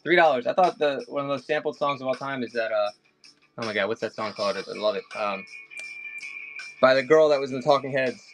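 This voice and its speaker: A man's voice: mid-range voice, fast talker, faint music behind, rough recording. A man chatting casually with viewers during a live auction stream, rambling and addressing them by name.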